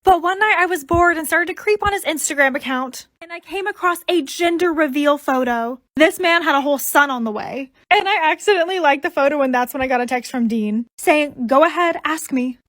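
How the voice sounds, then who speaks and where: High-voiced gossipy young woman. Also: a little fast, few pauses, a bit bright, dry recording, clean studio sound. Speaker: storyteller. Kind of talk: casual first-person storytime narration.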